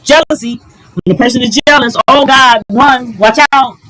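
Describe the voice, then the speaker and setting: A middle-aged woman giving relationship advice in a casual, animated vlog, exclaiming and talking straight to her viewers. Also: on the high side, normal speed, poor audio. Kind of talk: casual advice talk to camera.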